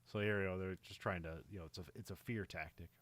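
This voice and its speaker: A man's voice: low voice, fairly even intonation, fast talker, a bit bright. A man casually recapping a war film on a podcast, rambling with lots of "like" and frequent laughs. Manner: rambling, many fillers and laughs. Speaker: podcast co-host. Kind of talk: casual movie recap chat.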